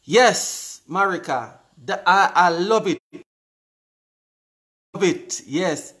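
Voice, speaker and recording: Jamaican male host in his forties, high-pitched, chatty and upbeat, reads out viewer comments live. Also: animated, takes it slowly, a bit bright. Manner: upbeat, chatty, repeats words, answers comments aloud. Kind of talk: casual live-stream chat, reading viewer comments.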